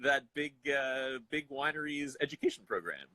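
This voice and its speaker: A man's voice: mid-range voice, expressive, moderate pace, sharp tone. A man hosting a casual live video interview, asking brief, easygoing questions. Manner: brief, easygoing prompts with laughs. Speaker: host. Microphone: video call.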